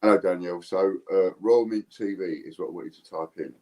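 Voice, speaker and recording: This is a man with a deep, low voice, hosting a relaxed livestream. He rambles and circles back over his own words. He talks into an iPad on a video call. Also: a little fast. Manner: rambling, repeats himself. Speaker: host. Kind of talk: casual livestream chat.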